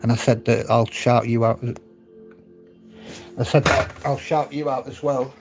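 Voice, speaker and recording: A man talks loosely into his phone on a live stream, laughing often and speaking straight to people in the chat. His pitch sits in an ordinary middle range. Soft music plays faintly behind him. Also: steady tone, unhurried.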